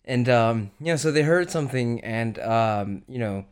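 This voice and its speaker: A man's voice: medium pitch, expressive, normal speed, clear, resonant tone. A young man telling a story in casual, profane chat, rambling with lots of fillers, a bit out of breath. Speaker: podcast co-host.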